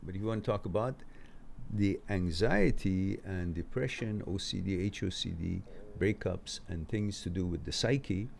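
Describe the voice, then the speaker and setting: With a deep, creaky, darkish voice and slight background noise, a man hosts a live stream and answers viewer questions. He reads chat comments out loud and replies loosely and chattily, often breaking into laughter.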